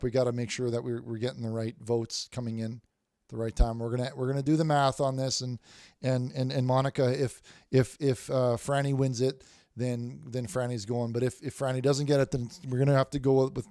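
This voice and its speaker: Halting man reading chat aloud. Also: medium pitch, level tone, darkish tone, no echo, studio quality. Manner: halting, repeats words, many restarts. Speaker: livestream host reading chat. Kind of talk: casual livestream chat.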